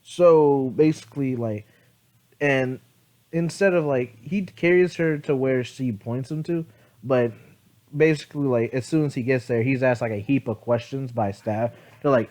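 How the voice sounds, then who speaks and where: A man's voice: medium pitch, normal speed, a little mellow. Sleepy man rambling through a story. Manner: rambling, many fillers and self-corrections, casual swearing. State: sleepy, yawning. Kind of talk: casual improvised fan-story telling. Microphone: phone.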